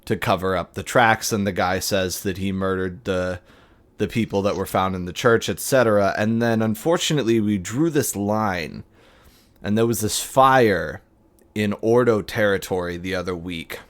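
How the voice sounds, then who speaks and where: A man doing a gruff ex-mobster, stiffly polite. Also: lowish voice, lightly acted. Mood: gruff, formal. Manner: halting, overly formal requests.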